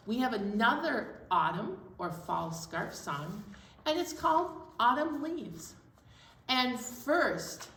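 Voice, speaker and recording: A woman librarian leading a children's storytime in an upbeat, encouraging way. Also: fairly low pitch. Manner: upbeat, animated and encouraging, addressing kids. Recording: echoey room, distant mic, faint noise.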